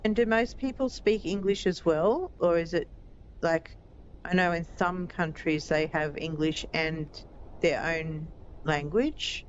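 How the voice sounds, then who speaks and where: A woman's voice: on the low side, slow pace, dull audio, slight background noise. A woman live-streaming a game, chatting casually with viewers while she plays.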